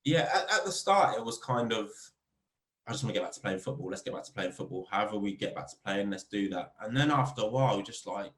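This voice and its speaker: A man, a football club captain, chatting as a podcast guest and telling lively stories about the game. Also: quick pace. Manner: animated storyteller, rising pitch when telling funny stories. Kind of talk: casual interview chat. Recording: roomy echo.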